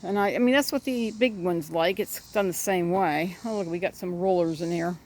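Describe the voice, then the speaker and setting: A woman's voice: on the low side, normal speed, a little mellow. A middle-aged woman talks in a loose, rambling way while she films her backyard on a phone. She chats to her birds now and then and keeps a casual, homey tone throughout. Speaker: backyard chicken keeper. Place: outdoors in a backyard garden.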